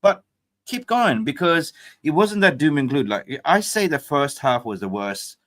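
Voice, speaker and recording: Animated, chatty football show host. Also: male voice, a little high, unhurried. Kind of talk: live fan show chat.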